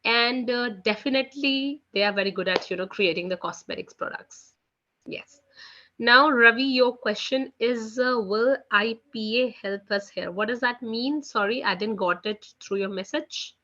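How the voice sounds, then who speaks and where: A woman teaches a live online French class, her voice bright and forward. She chats loosely and leans on "you know" and "guys". The call audio sounds dull and lo-fi. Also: a little high, moderate pace.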